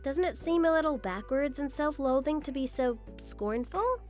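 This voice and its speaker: A woman's voice: high-pitched, lively intonation, normal speed, darkish tone, faint music behind. A woman voicing a patient, apologetic young daughter-in-law in a scripted text-story drama. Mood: firm. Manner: apologetic, polite.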